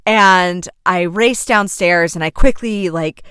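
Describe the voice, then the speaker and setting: Smooth-voiced woman telling a lively story. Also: lowish voice, a little slow, few pauses, no echo, studio quality. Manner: animated, vivid storyteller who acts out scenes; chatty, many fillers and self-corrections. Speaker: podcast host and coach. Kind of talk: casual storytelling monologue.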